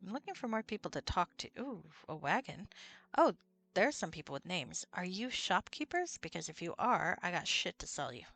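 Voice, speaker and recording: Chatty, lively woman streaming a game. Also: lowish voice, moderate pace. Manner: chatty, swears casually, laughs at herself. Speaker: streamer playing and reading game dialogue. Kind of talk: casual let's-play chat with read-aloud dialogue.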